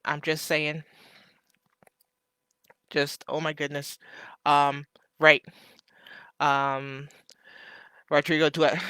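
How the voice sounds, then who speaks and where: Slow, bright-voiced man chatting on a live stream. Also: on the high side, dry recording, studio quality. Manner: chatty, joking asides to viewers. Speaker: live stream host reading chat. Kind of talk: casual live stream chat.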